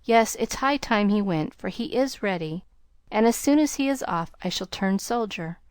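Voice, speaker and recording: A woman reading the lines of a gentle, earnest young male tutor in an audiobook, in a kindly, encouraging manner. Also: medium pitch, lively intonation, moderate pace, clean tone, no echo, studio quality, close to an everyday voice.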